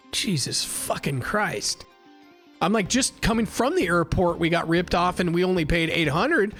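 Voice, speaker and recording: A man's voice: a little high, fairly bright tone. A man hosting a livestream, chatting casually and telling rambling stories from a trip, swearing freely and restarting sentences. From United States. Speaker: livestream host. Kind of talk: casual chat.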